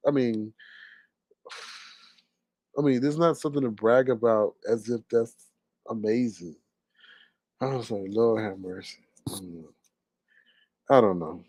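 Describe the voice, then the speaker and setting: A man's voice: mid-range voice, takes it slowly, long pauses, a little mellow, dry recording. Sassy, gossipy man with dry sound. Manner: sassy, gossipy, laughing asides. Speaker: commentary vlogger. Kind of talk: casual commentary.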